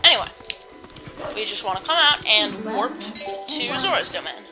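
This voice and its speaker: A woman's voice: on the high side, expressive, moderate pace, sharp tone, low-quality recording. A woman giving rambling, self-deprecating let's play commentary while she plays a game. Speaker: gamer. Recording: game music underneath.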